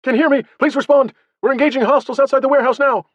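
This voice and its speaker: A man's voice: very high voice, steady tone, rapid-fire, dry recording, dull audio, pitched above the performer's own voice. A male narrator voicing a young male soldier calling urgently over the radio while under fire.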